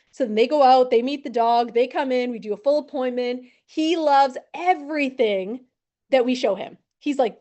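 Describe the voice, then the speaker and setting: A woman in her thirties who trains insurance agents, telling a lively story with acted-out quotes. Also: sits high, moderate pace. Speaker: insurance and financial advisor training new agents. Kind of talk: storytelling talk to a team.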